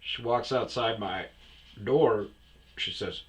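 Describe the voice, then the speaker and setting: A man telling a rambling, profane story in a casual way, breaking into loud shouts when he acts out scenes. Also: low voice, moderate pace. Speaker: storyteller host. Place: lives on a self-storage property in Arizona.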